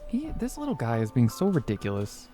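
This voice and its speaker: Lively, playful gaming streamer man. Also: mid-range voice, brisk, faint music behind. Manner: playful, rambling, swears casually, talks to his cat. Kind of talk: casual let's-play chat.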